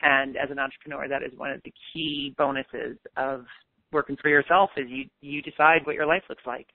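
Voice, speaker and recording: A woman's voice: extremely low pitch, steady tone, a little fast, dry recording. A woman in her fifties, a guest in a podcast interview, talking in an upbeat, emphatic, self-assured way. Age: 50s. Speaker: guest author. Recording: tinny phone line, dry.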